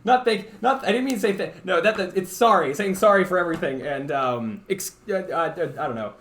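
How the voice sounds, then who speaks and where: A man's voice: high voice, brisk, a bit bright. A young man from Canada chatting casually with stream viewers, rambling and stuttering with lots of fillers. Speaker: livestreamer. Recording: roomy echo.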